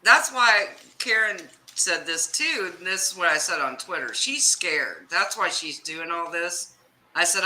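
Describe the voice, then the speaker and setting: A livestream host talking casually with a guest and agreeing with quick remarks. The voice is very bright and tense, at a middling pitch. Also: lively intonation, poor audio.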